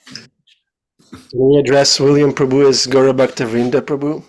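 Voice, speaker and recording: A man moderates a class discussion, thanking each speaker warmly and politely calling on the next person. His voice sits at an ordinary pitch. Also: level tone, normal speed. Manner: courteous, appreciative, calls the next speakers.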